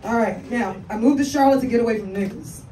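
A woman's voice: on the high side, fast, background noise. A woman in her forties from Washington, D.C., doing a brash, profane stand-up set with laughing asides. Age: 40s. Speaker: stand-up comedian. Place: comedy club stage. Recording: echoey club from a distance, crowd laughter.

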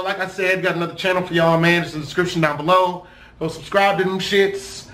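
Young guy venting to camera, high voice, cussing a lot, echoey room. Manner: animated, profane, rambling. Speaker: vlogger. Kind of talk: casual rant to camera.

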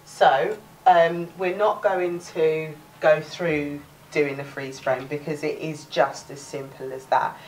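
A woman's voice: deep voice, steady tone, slow pace, hardly any pauses, darkish tone, far from the mic, poor audio. A woman with a Cockney accent teaching a live workshop, chatty, restarting words and laughing often. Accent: London Cockney. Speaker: workshop presenter.

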